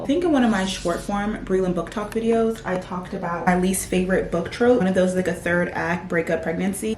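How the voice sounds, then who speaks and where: A woman in her twenties vlogging in a casual, chatty way, often breaking into animated rants. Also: on the low side, brisk, few pauses. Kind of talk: casual vlog chat. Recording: echoey room, faint background noise.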